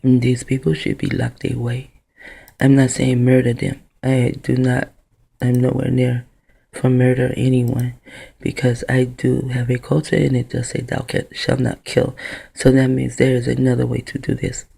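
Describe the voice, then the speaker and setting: A woman's voice: rumbling low, completely flat delivery, normal speed, vocal fry, mellow, slightly rough. A woman talking into her own camera in a rambling, profane vlog monologue that drifts from one idea to the next. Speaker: vlogger.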